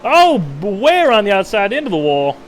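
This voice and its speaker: A man's voice: sits high, huge pitch swings, normal speed, slight background noise, voice pushed up, poor audio. A man putting on a fake Southern accent to play a folksy race commentator with a drawl. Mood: excited hamming. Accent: put-on American Southern. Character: fake Southern good-old-boy race commentator, hammy.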